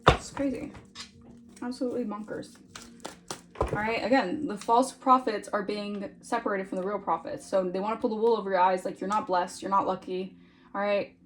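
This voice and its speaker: A woman's voice: medium pitch, fairly even intonation, moderate pace, a little hiss or hum. Chatty woman doing a tarot reading. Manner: chatty, repeats "all right?" often. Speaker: tarot reader.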